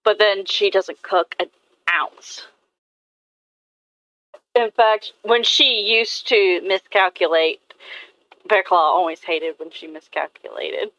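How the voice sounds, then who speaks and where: A woman's voice: mid-range voice, bright, forceful tone, clear, resonant tone, no echo, lo-fi sound. A woman artist chatting casually and rambling about her characters, swearing now and then. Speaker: artist vlogger. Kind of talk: casual chat while drawing.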